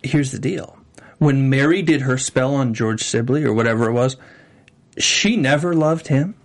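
A young man co-hosting a TV after-show in casual chat, enthusiastic and emphatic, talking in quick bursts. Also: medium pitch.

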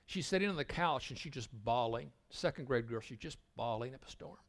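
An older man giving a sermon at a retreat, telling stories and stumbling over repeated words as he begins a thought, sometimes dropping to a hushed voice. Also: medium pitch, lively intonation, brisk, gravelly. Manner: storytelling, dropping to a hushed voice for tender moments. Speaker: retreat speaker.

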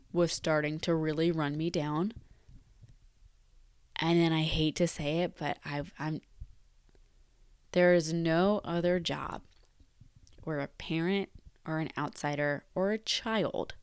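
Young woman, 20s, teacher, low voice, dry close sound; candid, reflective vlog talk with emphatic repeats. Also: no echo. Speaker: teacher leaving the profession. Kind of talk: candid personal vlog monologue.

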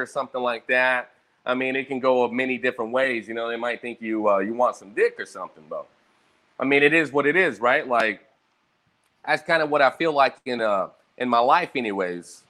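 A man's voice: medium pitch, brisk. A young man rambling casually about his day, swearing freely and jumping between stories, a little hungover. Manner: profane, rambling, animated storytelling.

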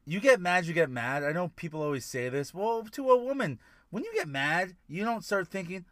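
A woman with a lowish voice whose pitch swings widely. She talks casually, teases and makes sarcastic remarks. The sound is close and dry. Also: sing-song, dry recording. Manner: teasing, quick to laugh, sarcastic. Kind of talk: casual chat.

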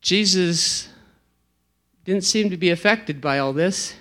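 A man plays a grateful father whose daughter was brought back to life, recounting it in an earnest dramatic monologue. His voice sits fairly high for a man. He speaks slowly and deliberately. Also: a bit bright. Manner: slow, earnest storytelling. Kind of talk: first-person dramatic monologue.

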